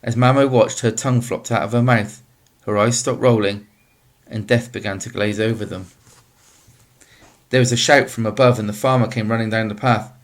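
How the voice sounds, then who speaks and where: A man reading a novel aloud as narrator, in a steady, measured way. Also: lowish voice. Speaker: audiobook narrator.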